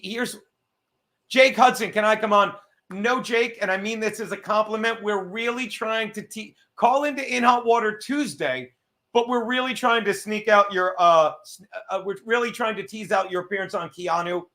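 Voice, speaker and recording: A livestream host with a high voice and a bright, forceful tone. He talks casually and swears constantly. His sentences ramble and break off as he stops to fumble with his setup. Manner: profane, rambling, self-interrupting; reads viewer messages aloud.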